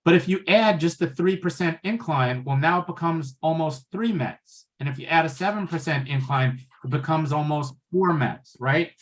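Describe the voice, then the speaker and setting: Passionate higher-pitched man on a webinar. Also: moderate pace, few pauses. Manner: passionate, conversational, tags points with "right?". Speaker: pulmonary wellness presenter. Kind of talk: webinar talk.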